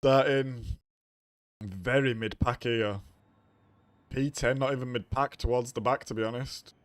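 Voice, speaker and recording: A worn-out man talks his way through a racing game stream in a casual, low-key way, his sentences trailing off into sighs and groans. His voice sits at an ordinary middle pitch, and the sound is close and dry with no room echo. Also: steady tone, unhurried. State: very tired, yawning. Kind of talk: casual live-stream commentary.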